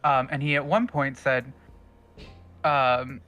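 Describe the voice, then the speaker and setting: A man's voice: mid-range voice, steady tone, slow pace, bright, forceful tone, faint music behind. A young man, a guest in a casual group chat, who tells chatty stories full of fillers and small laughs. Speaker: guest panelist.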